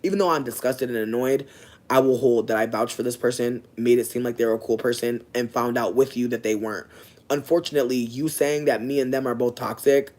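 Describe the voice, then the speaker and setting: A young man telling a personal story in a casual, profane, slangy way, swinging from low asides to loud, animated outbursts. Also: a little fast. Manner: breaks off to talk to passersby.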